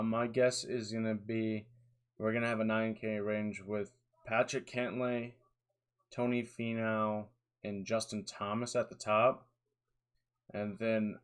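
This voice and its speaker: A young man in his twenties giving rambling, tired solo commentary on fantasy golf picks, with lots of fillers and restarts. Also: lowish voice.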